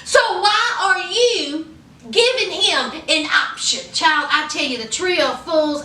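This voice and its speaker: Sassy high-voiced woman recapping TV. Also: takes it slowly, distant mic. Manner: sassy, animated, talks straight to viewers with "okay?" and "y'all". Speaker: TV recap vlogger. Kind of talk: sassy casual recap monologue. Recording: echoey room, a bit off-mic, faint room noise.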